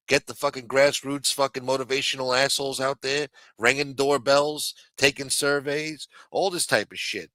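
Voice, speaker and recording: A man's voice: medium pitch, a bit bright, dry recording. Profane ranting middle-aged man. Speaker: show host. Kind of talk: ranting livestream commentary. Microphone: streaming microphone.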